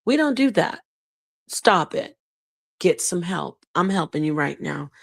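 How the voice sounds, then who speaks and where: A woman's voice: fairly low pitch, big pitch swings, a little slow, vocal fry, no echo. A woman hosting a casual livestream, talking in an emphatic, scolding way. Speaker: livestream host.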